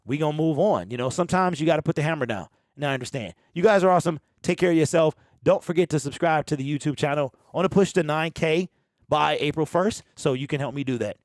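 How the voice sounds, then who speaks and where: A man hosting a fan channel and talking straight to the camera in a passionate, defensive way. His voice sits a little higher than most men's. The recording is dry and close, with no room sound. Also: fast talker, no room sound. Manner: passionate, defensive, addresses commenters directly. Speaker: sports channel host. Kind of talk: casual fan commentary to camera.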